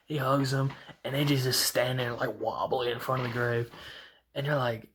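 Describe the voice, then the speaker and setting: A man giving a casual, excited recap as a wrestling reviewer, rambling with lots of restarts and fillers. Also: mid-range voice, slightly rough. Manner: rambling, fast retelling full of "like" and restarts.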